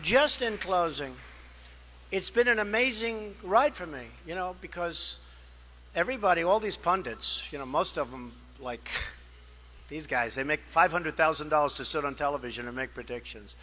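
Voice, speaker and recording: A male candidate's fairly high, expressive voice, sharp in tone, moves at a moderate pace through a campaign speech at a fundraising dinner, with slight background noise. He's boastful and repetitive, conversationally wandering into asides and acting out quoted exchanges.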